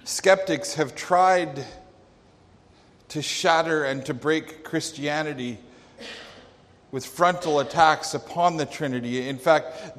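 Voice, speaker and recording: A male pastor preaching a sermon, telling a story dramatically with emphatic pauses. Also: fairly high pitch. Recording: long reverb of a large hall.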